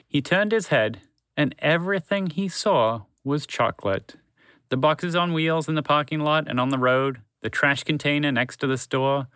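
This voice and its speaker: Bright-voiced man narrating a storybook. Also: medium pitch, clear, resonant tone, dry recording, clean studio sound. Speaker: storyteller and podcast host.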